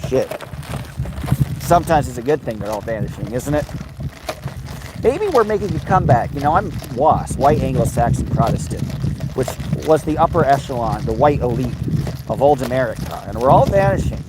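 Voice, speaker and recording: A man's voice: on the high side, background noise. A man hosting a casual livestream outdoors by a river, rambling loosely and breaking into sing-song chatter to his dog. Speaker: livestream host. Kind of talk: casual rambling live chat.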